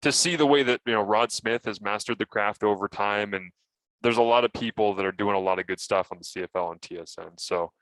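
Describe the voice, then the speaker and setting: A man co-hosting a casual sports podcast, telling animated stories and acting out his own broadcast lines. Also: fairly low pitch, fairly quick, no room sound. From Canada.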